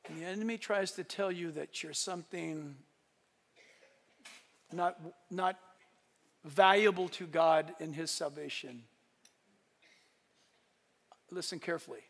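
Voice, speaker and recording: A male pastor preaching in a large church hall, his high voice carrying a long reverb. His tone is bright and forceful, and he tells stories emphatically, swinging between loud and hushed. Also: takes it slowly, gravelly, long pauses. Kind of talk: sermon.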